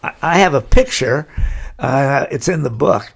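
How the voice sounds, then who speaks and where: A man's voice: medium pitch, lively intonation, a little slow, gravelly, breathy edge. An older man, a guest on a podcast, telling a rambling anecdote in a casual interview, full of uh fillers and restarts.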